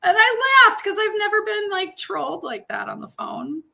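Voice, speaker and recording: A woman's voice: very high-pitched, very animated, normal speed, vocal fry, pushed and bright. A woman co-hosting a livestream in casual chat, telling a rambling story full of fillers. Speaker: livestream co-host.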